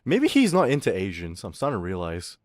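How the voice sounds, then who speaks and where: A young man streams and talks straight back to his chat. His pitch leaps up and down all over the place, and he swears and laughs loudly. The voice is close and dry, with no room sound. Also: a little fast, dry recording. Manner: loud, swearing, laughing, animated ranting. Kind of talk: casual stream chat reading chat.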